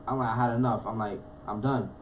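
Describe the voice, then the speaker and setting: A young man from Florida, a guest telling his life story in a casual, animated way, full of street slang. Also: mid-range voice, a little hiss or hum. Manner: fast, animated, streetwise slang, frequent "you know what I'm saying". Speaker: interview guest.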